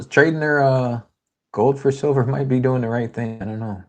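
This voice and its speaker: A man's voice: mid-range voice, steady tone, moderate pace. A man hosting a casual livestream, talking in a loose, rambling way and reading viewer comments aloud. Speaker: host.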